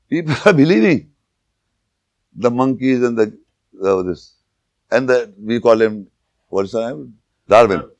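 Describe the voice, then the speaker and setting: A man giving an informal religious lecture, telling jokes and anecdotes and pausing to search for words. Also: mid-range voice, creaky, dry recording. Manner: anecdotal, joking, with searching pauses and restarts. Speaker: Islamic lecturer.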